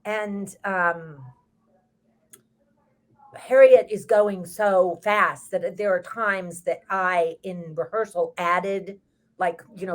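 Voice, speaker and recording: An older woman with a Texas accent chats casually, and her voice sits a little low. She tells her stories in long, rambling turns. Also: fairly even intonation, takes it slowly. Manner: chatty, rambling storyteller. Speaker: stage actress co-hosting the chat. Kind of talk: casual chat.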